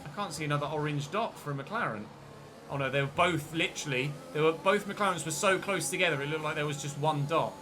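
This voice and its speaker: A man streaming a racing game, commentating his race excitedly and joking with his viewers. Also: fairly high pitch, fast talker, noisy background. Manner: excitable, jokey, talks to viewers. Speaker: gaming streamer.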